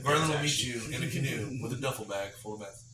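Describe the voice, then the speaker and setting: Animated man telling stories, roomy distant sound. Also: mid-range voice, fast talker, a crowd in the background. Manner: animated, laughing, acts out quoted voices. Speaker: podcast co-host. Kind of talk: casual storytelling chat.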